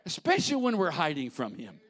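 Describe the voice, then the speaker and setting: Guy preaching, high voice, super expressive, chatty asides to the church. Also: brisk, slightly rough. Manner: animated, conversational preaching with asides to the congregation. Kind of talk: sermon.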